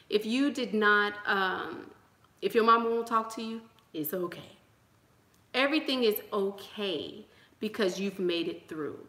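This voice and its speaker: Bright preachy woman in an echoey room. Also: medium pitch. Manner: preachy and emphatic, with repeated rallying lines. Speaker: YouTube channel host. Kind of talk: motivational sermon-style talk to viewers.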